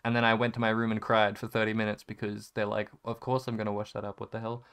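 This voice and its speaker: A young man talking candidly in a personal vlog, rambling and halting, swearing casually and trailing off quietly, still emotional after crying. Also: on the low side, level tone, clean tone. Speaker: vlogger.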